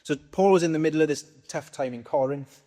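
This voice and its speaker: A man's voice: on the high side, a little fast, warm tone. A man with a Welsh accent preaching a sermon in a conversational way, putting questions to the congregation and answering them himself.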